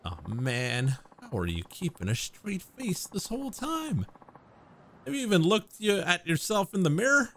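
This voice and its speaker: A man's voice: sits high, huge pitch swings, measured pace, a bit bright, a little hiss or hum, exaggerated voice. A man voicing a blunt, exasperated tough guy while reading game dialogue aloud, using sarcastic, slangy talk close to his own voice.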